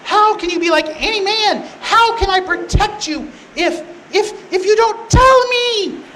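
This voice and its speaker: A man voicing a scheming, sweet-talking biblical woman in a high, drawn-out coaxing falsetto. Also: lively intonation, reverberant, slight background noise, poor audio. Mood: indignant.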